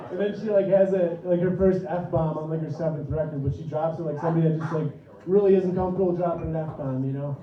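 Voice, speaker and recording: A man in his thirties works a club crowd with a loose, profane stand-up set and keeps laughing at his own jokes. His voice sits high, and he sounds set back from the mic. The recording is dull and roomy, as in a small club. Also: far from the mic. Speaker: stand-up comedian. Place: comedy club stage.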